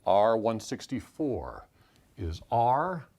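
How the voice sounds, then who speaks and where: A man hosting a puzzle channel, thinking aloud as he calls out letters and clue numbers in a measured solve-along walkthrough. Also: lowish voice, sing-song, darkish tone. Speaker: puzzle-solving channel host.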